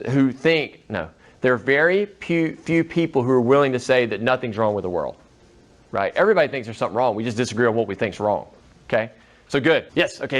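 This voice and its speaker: A man giving a classroom lecture in a conversational way, often checking in with his students. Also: mid-range voice. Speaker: teacher.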